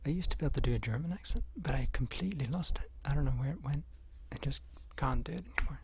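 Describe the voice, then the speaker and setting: A man's voice: mid-range voice, quick pace, a little hiss or hum. A man in a whispered ASMR live stream chat, rambling in dry, joking asides close to the mic.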